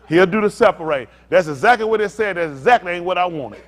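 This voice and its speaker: Animated preacher man, lively high voice. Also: quick pace, hardly any pauses, a faint crowd. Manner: animated, calls out to listeners, laughs and shouts at times; casual vernacular, asks "y'all understand?". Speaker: pastor. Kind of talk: interactive sermon teaching.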